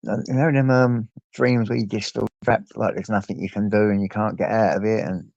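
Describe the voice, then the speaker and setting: A man's voice: lowish voice, steady tone, moderate pace, gravelly, a little mellow, dry recording. An older man with an English accent hosting a late-night livestream, rambling and greeting viewers by name, swearing freely. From England. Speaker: livestream host. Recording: dull lo-fi stream audio.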